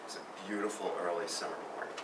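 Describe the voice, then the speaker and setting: A man rattles off a meandering, self-mocking account of nearly coming to grief on his bike, speaking fast in a low, steady voice. It's recorded in a roomy space on a distant mic, with a little background noise.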